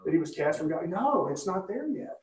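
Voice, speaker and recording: A man's voice: sits high, big pitch swings, brisk. A man leading a Bible study, teaching conversationally and often checking in with listeners by asking questions. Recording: roomy, from a distance.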